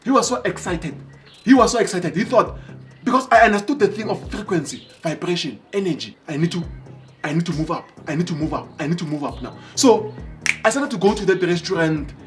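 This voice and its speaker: A man from Africa, telling a motivational story in an animated way, acting out dialogue and repeating phrases for emphasis. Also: sits high, brisk, soft background music. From South Africa. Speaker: motivational speaker.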